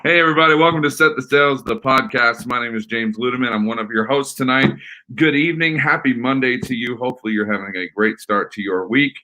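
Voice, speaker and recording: A man's voice: mid-range voice, fast. A man hosting a sports podcast in casual, rambling chat. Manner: relaxed, rambling, with fillers and laughs. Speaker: podcast host.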